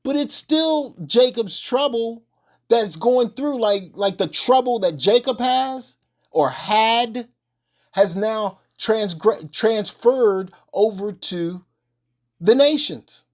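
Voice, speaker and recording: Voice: medium pitch, expressive, slow. A religious teacher giving an informal sermon in colloquial speech, emphatic and repetitive, firing off rhetorical questions and restarting phrases.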